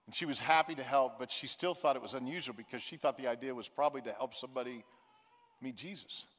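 A man preaching a sermon as pastor, telling a story in a relaxed, conversational way with emphatic repetition. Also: mid-range voice, fast talker, long reverb tail.

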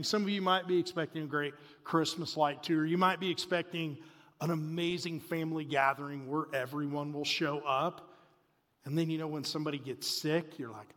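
A man in his forties preaching a sermon, telling a family story in an animated way that swings between loud bursts and hushed asides. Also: fairly high pitch. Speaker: pastor. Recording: reverberant hall.

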